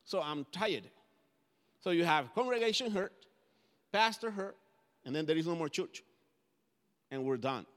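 A man's voice: on the high side, animated, normal speed, pauses often. A man whose first language is Spanish, preaching a conversational sermon as pastor, often restarting his phrases. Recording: long hall reverb.

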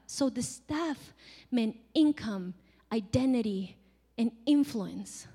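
A woman giving a sermon in a conversational, animated way, acting out quotes and laughing now and then. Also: fairly high pitch, measured pace, long reverb tail. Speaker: preacher.

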